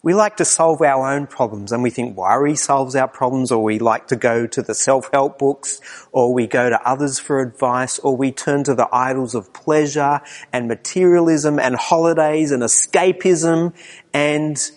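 A man's voice: mid-range voice, normal speed. Earnest male preacher in reverberant church. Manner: earnest, asks the congregation rhetorical questions, drops to a hushed tone at times. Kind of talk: sermon.

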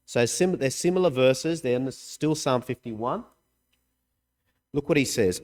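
A man delivers a sermon with earnest emphasis, rising and falling sharply in pitch and volume. His voice sits at an ordinary middle pitch for a man. The sound carries a long hall reverb, like a church interior. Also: moderate pace. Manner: earnest, emphatic, with sudden swings in pitch and loudness. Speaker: preacher.

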